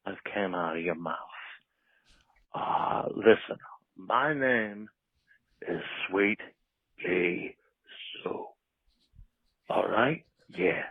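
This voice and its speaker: A man's voice: on the low side, creaky, breathy edge, no room sound, full character voice. A man voicing a foul-mouthed, furious, washed-up puppet-show star in a voicemail, ranting profane threats. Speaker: voicemail caller. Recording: tinny phone voicemail.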